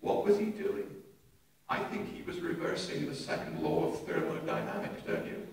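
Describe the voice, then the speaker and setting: An older man, preaching a sermon with animated humour, recorded from a distant mic in an echoey church. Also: sits high, normal speed, creaky. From England. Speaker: pastor. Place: church hall.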